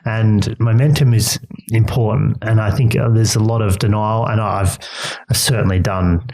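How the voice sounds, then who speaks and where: A man with a fairly low voice hosts a conversational podcast. He reflects on what his guest has shared and thinks aloud in long, meandering sentences. He keeps a supportive tone throughout. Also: fairly even intonation, moderate pace, a little mellow, poor audio. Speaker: podcast host. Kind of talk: conversational interview.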